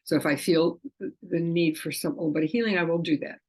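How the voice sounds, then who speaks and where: A woman's voice: fairly low pitch, brisk, breathy edge. A middle-aged woman explaining her work as an animal communicator in a casual, chatty way, often acting out the quoted dialogue. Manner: chatty, acts out quoted dialogue in lively voices.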